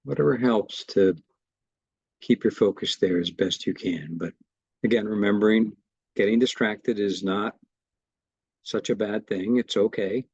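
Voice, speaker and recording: A man teaching a meditation class, guiding the breath practice in a gentle, reassuring way. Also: fairly low pitch, unhurried, pauses often, breathy edge, no echo, highs cut off. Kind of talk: guided meditation instruction.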